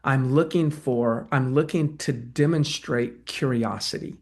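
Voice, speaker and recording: A man teaching agents how to win listings, lively, and he acts out both sides of a talk with a client. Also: medium pitch, a little slow. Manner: energetic, acts out client dialogue. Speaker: real estate trainer. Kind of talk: sales training talk.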